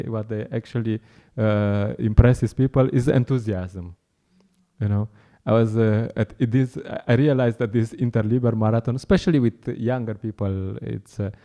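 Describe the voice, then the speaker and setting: A man speaks in a very dark, mellow voice. His talk to a temple class is loose and conversational. He laughs often and acts out his encounters with strangers. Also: fairly low pitch, highs cut off. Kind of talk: informal talk.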